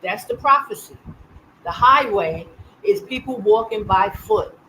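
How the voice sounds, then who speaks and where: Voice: mid-range voice, lively intonation, measured pace, sharp tone, a little hiss or hum, rough recording. A live-stream host giving news commentary, urging listeners with urgent, repetitive pleas.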